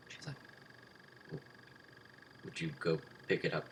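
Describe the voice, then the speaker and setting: Deep-voiced young man telling a story. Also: normal speed, gravelly, pauses often, slight background noise, poor audio. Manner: animated retelling, acting out quoted voices. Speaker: student vlogger. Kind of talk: casual storytelling.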